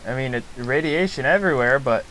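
A man's voice: mid-range voice, quick pace, bright, forceful tone, slight background noise, low-quality recording. A man giving nervous, rambling commentary while playing a video game. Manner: jumpy, rambling, with restarts. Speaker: let's play host. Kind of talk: gameplay commentary.

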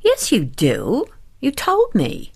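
A restless wife who presses and teases, her husky voice swinging up and down. A woman narrator puts her on for an audiobook. Low-pitched and a little gravelly. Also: huge pitch swings, slow, darkish tone, heavily acted. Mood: pressing. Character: restless, brittle wealthy wife, pushy and scornful.

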